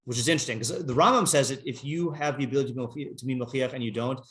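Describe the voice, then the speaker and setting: A man teaching an informal text class, halting and rambling with many fillers, reading Hebrew passages aloud and translating them. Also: mid-range voice, a bit bright.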